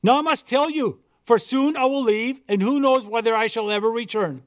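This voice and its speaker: Man doing a proud old pearl diver: formal, earnest, high voice, dry sound. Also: normal speed, no room sound. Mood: mournful. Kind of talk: storybook dialogue reading.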